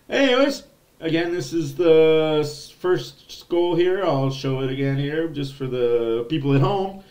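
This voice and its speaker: A man hosting a post-game hockey recap podcast, excitable and blunt, swearing freely. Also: on the high side. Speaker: podcast host.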